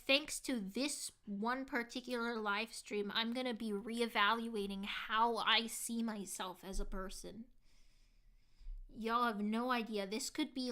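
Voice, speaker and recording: Bright-voiced woman streamer chatting with viewers. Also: a little high. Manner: reads viewer comments aloud and answers them, heavy use of "like"; earnest, heartfelt. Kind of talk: casual live-stream chat.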